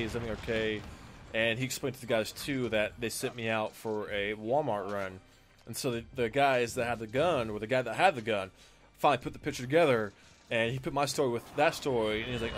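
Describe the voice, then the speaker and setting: A man's voice: mid-range voice, noisy background. A man casually telling a personal story to his viewers, acting out what people said and using lots of fillers. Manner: animated retelling, acts out quoted lines, frequent fillers.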